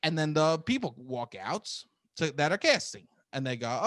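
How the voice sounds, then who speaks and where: A man co-hosting a podcast, telling profane, animated stories about auditions and laughing often. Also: fairly high pitch, a little slow, no echo, studio quality. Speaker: podcast co-host, comedian. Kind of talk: casual storytelling chat.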